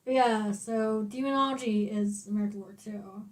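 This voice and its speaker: A woman's voice: mid-range voice, steady tone, normal speed. A woman co-hosting a podcast in casual chat, explaining matter-of-factly and laughing often. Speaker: podcast co-host.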